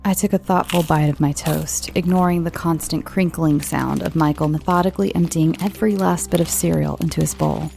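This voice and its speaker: A woman with an American accent tells creepy stories in a soft, friendly manner, now and then sinking to a whisper. Her voice is mellow and gently gravelly. Faint music plays behind her. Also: low voice, fairly even intonation, a little fast, hardly any pauses. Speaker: host and storyteller. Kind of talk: calm horror story narration.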